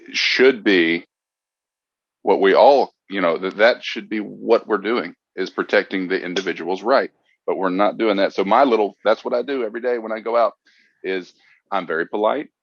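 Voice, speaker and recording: A man from Mississippi with a Southern American accent, a former Marine telling stories as a podcast guest in an earnest, relaxed way. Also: fairly low pitch, measured pace, long pauses, no room sound, highs cut off. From Mississippi, USA. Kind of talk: casual podcast conversation.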